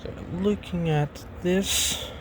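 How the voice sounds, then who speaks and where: A young Australian man films himself on an open station platform, rambling between fillers and restarts. His voice sits a little high for a man. Faint outdoor noise is under his phone recording. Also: fairly even intonation, takes it slowly. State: talking with a lozenge in his mouth. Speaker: trainspotting vlogger. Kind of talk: casual walking commentary.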